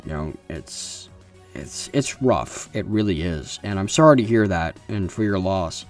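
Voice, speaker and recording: Young man, low voice, earnest, consoling, casual advice, restarts, faint background music. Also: lively intonation, a little slow. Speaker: advice video host. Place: room at home.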